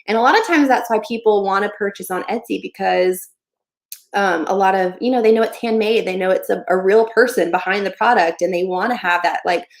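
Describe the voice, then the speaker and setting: A young woman hosts a casual livestream Q&A. She talks in a friendly, loose way at a medium pitch, and her sentences are full of "um" and "like". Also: fairly quick. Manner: chatty, friendly, many fillers like "um" and "like". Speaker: livestream host giving online shop advice.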